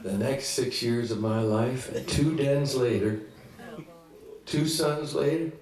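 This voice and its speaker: A man telling a story live on stage in a small listening room, in an animated, folksy way and acting out voices. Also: medium pitch, slow pace. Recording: roomy venue, distant mic, audience laughter.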